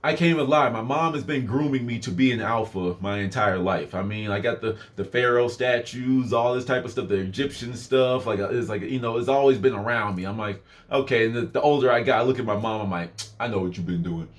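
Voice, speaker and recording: A man's voice: mid-range voice, fairly quick, hardly any pauses. A young man casually telling a personal story in a rambling way, full of fillers and asides. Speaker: vlogger.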